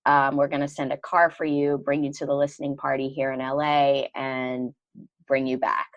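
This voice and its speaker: A middle-aged woman with a bass voice tells a personal story as a podcast guest, speaking at a normal pace in casual conversation. She's animated and acts out the dialogue she quotes. The recording is dry, with the highs cut off.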